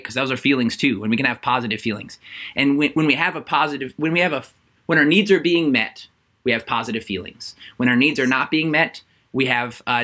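A man's voice: mid-range voice, bright, forceful tone. A man, an author and interview guest, explaining his ideas earnestly, often restarting his sentences with fillers. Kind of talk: conversational interview.

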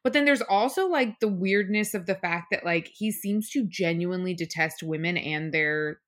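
A woman's voice: on the low side, normal speed. A young adult woman co-hosting a casual podcast chat, rambling and leaning heavily on "like" as she thinks aloud. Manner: rambling, heavy use of "like". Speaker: podcast co-host.

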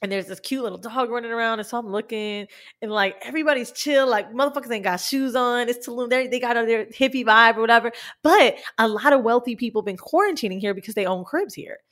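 A woman co-hosting a casual chat podcast, telling profane stories with animated impressions. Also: fairly high pitch, quick pace. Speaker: podcast co-host. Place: home recording during quarantine.

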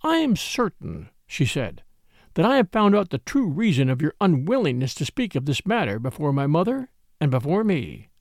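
A man voicing a proud, fierce young woman in a storybook reading, sharp and sneering. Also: a little high, wildly swooping pitch, moderate pace, no room sound, clean studio sound. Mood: intense. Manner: sharp, sneering, then frantic.

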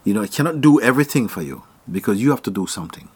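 A man from Jamaica giving a casual spiritual talk, animated and often laughing, sometimes sinking to a near whisper. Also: fairly low pitch, very fast, slightly rough.

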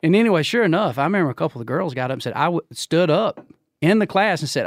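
Animated Georgia man telling a story. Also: fast, no room sound, clean studio sound. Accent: Southern US, Georgia. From Georgia, USA. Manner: animated storyteller who acts out quotes with big pitch jumps and laughs. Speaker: podcast guest. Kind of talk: casual storytelling chat.

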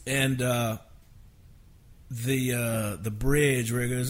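A man's voice: medium pitch, little pitch movement, slow. A man, a songwriter guest, telling stories in a rambling, self-interrupting way with frequent chuckles. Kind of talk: casual storytelling interview.

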